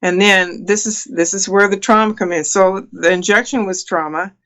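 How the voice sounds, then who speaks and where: A woman's voice: mid-range voice, fairly even intonation, moderate pace, fairly bright tone. A woman in her sixties, a guest on a talk show, earnestly recounting a personal experience with many fillers and restarts. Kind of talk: telling a personal story in an interview.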